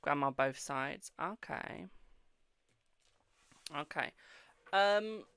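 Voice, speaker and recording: A man's voice: a little high, lively intonation, very slow, pushed and bright, clear, resonant tone, no room sound. A man hosting a live-stream psychic reading, chatting casually and affectionately calling viewers boo and darling. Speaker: psychic tarot reader and host.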